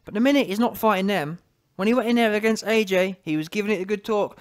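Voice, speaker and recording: A man's voice: high-pitched, expressive, very fast. A man, a boxing commentator ranting to camera, emphatic and repetitive, challenging his viewers. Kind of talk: opinion rant to camera.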